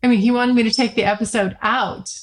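A woman's voice: fairly high pitch, fairly even intonation, brisk. Middle-aged woman, solo podcast host; frank, chatty, loose delivery with restarts. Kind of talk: casual solo podcast talk.

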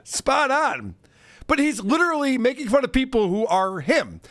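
A man's voice: very high-pitched, big pitch swings, moderate pace, fairly bright tone. A man co-hosting a podcast, chatting casually and mockingly about video clips, laughing often. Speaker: podcast co-host.

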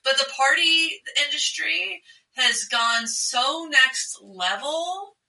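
A woman co-hosting a podcast in casual chat, laughing often and talking in an animated way. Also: high voice, slow pace, roomy sound, recorded from a distance, low-quality recording. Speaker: podcast co-host.

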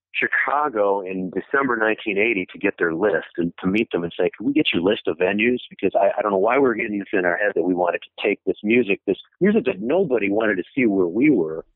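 Low-voiced man on a tinny phone line. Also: no echo. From Michigan, USA. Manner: rambling, many restarts and fillers, laughs while telling stories. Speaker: interview guest, former punk band member. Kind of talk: casual storytelling in an interview.

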